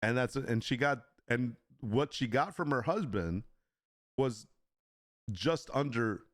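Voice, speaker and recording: A man's voice: medium pitch, lively intonation, takes it slowly, no room sound, clean studio sound. A man hosting a casual livestream, laughing often and reacting in disbelief as he reads. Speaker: livestream host.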